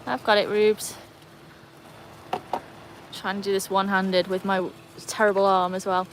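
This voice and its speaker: A woman's voice: medium pitch, fairly even intonation, moderate pace, long pauses, a little hiss or hum. A woman hosting a casual livestream in her garden, chatting to viewers while fussing over her dogs. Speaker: livestream host. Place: outdoor garden.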